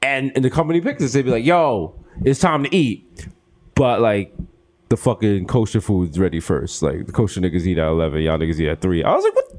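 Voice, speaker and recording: A man from the Bronx with a New York accent, co-hosting a casual comedy podcast, joking in slang and acting out quick quoted voices. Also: low voice, a little mellow. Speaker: podcast co-host.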